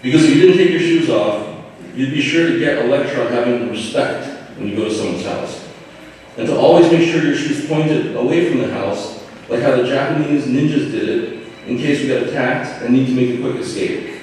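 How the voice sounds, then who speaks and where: A young man giving an informal, halting eulogy for his father from notes, with light humor. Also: medium pitch, darkish tone, a little hiss or hum. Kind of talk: memorial speech from notes. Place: large hall at a memorial gathering. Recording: echoey hall, distant mic.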